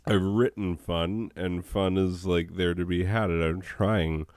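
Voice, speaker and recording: Hoarse deep-voiced man rambling. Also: unhurried, no room sound. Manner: rambling, deadpan, with chuckles. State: hoarse, sick voice with coughing. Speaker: comedy show host. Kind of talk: rambling comedic monologue.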